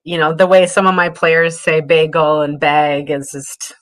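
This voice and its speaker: A woman's voice: sits low, steady tone, measured pace. A woman born in England, a college soccer coach, answering interview questions in a thoughtful, hesitant way with easy laughs.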